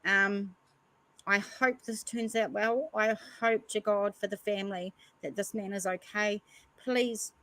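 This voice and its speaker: A woman's voice: mid-range voice, fairly even intonation, a little slow, bright, forceful tone, dry recording, rough recording. Earnest New woman reading news. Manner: earnest, stops often to comment between passages. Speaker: podcast host. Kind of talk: reading news articles aloud with commentary.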